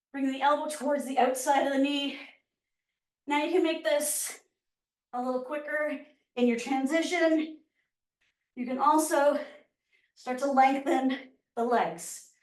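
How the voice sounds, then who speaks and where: Breathless woman coaching a workout. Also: sits high. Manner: encouraging, counting down reps while exercising. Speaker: fitness instructor. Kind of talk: workout class instruction. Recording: echoey room, voice from far off mic.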